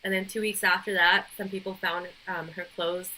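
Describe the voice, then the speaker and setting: Bright-voiced chatty woman podcaster. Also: lowish voice, flat delivery, moderate pace, a little hiss or hum, low-quality recording. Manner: chatty, giggly, loose with details. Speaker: podcast co-host. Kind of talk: casual chat, storytelling.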